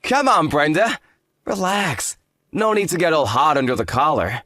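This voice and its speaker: A man's voice: fairly high pitch, lively intonation, normal speed, bright, forceful tone, no room sound, studio quality. An actor playing an arrogant, hungover young fiancé who talks down to his partner in a lazy, condescending drawl. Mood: dismissive. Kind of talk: dramatized story voice acting.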